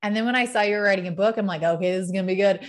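A woman's voice: mid-range voice, very fast. A woman hosting a podcast, effusive and enthusiastic in casual interview chat. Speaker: podcast host.

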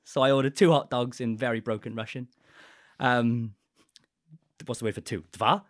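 A young man, a podcast guest, telling a rowdy story in a casual, animated way with swearing. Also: medium pitch, normal speed.

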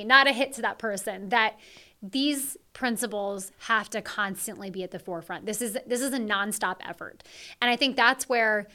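A woman's voice: fairly high pitch, normal speed, pushed and bright. A woman executive, a guest on an interview podcast, speaking earnestly and with emphasis. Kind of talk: conversational interview.

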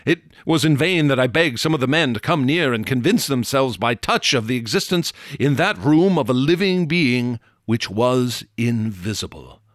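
A male narrator reading an old horror story at a measured pace, with steady drama. He sinks his voice low at the tense moments, and the recording is dry and close with no room echo. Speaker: audiobook narrator.

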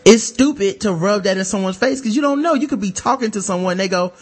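A man's voice: high-pitched, fast talker, slightly rough. A man co-hosting a podcast in casual, profane chat, reading listener mail and acting out the people he quotes. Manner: profane, animated, acts out quoted voices. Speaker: podcast co-host.

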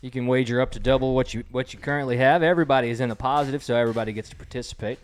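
Talking very fast with a steady tone, this man hosts a casual home quiz, reading out jokes and laughing at them himself amid plenty of fillers. His medium-pitched voice is clear and resonant.

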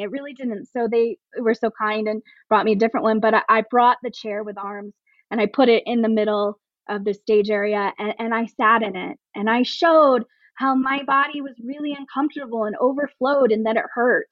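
Her fairly high voice holds a steady tone at a normal speed as she discusses her plus-size pregnancy advocacy on a podcast. She's earnest and emotional in this conversational interview, talking at length with many restarts. The sound is lo-fi, with no echo.

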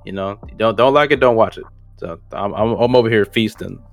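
A man's voice: fairly low pitch, fairly quick, creaky, faint music behind. A man co-hosting a podcast, chatting casually in slang, rambling and correcting himself as he goes. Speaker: podcast co-host. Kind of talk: casual chat.

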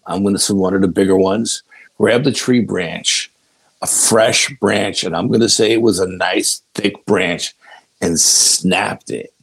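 Male podcast guest, low gravelly storyteller who keeps saying "you know". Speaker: guest investigator. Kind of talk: casual storytelling interview.

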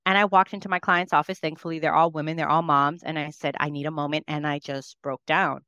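A woman in her thirties talks in a podcast conversation with a somewhat low voice. She tells her stories earnestly and with plain emotion. The sound is dry and close, with little room around it. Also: flat delivery, fairly quick, pushed and bright, clear, resonant tone, no room sound, muffled recording. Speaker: podcast guest.

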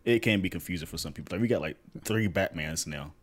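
A man in casual podcast chat about films, blunt and animated, often laughing loudly. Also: low voice, fast.

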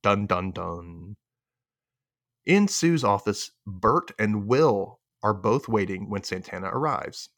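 A man's voice: fairly low pitch, lively intonation, measured pace, few pauses, a bit bright. A man hosting a casual recap podcast, a little tipsy, swearing freely and laughing often. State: tipsy from drinking. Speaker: podcast host.

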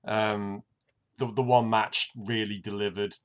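A man co-hosting a casual show, talking in a relaxed, hesitant way with many fillers and casual swearing. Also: lowish voice, measured pace, clean tone. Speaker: podcast co-host. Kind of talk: casual wrestling review chat.

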